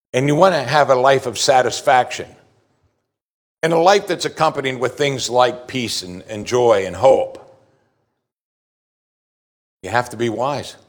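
A middle-aged man preaching a sermon as pastor, earnest, and he slows down to stress key words. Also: medium pitch.

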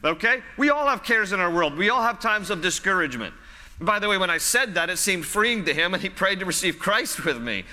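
Bright-voiced pastor preaching in a reverberant hall. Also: male voice, sits high, sing-song, fairly quick. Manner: conversational, repeats phrases for emphasis. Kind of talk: sermon.

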